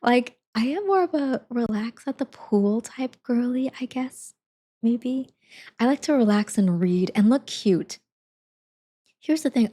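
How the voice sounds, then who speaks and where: A woman's voice: fairly high pitch, darkish tone. A young woman chatting casually with her stream viewers, giggling and rambling with lots of fillers. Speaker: live streamer.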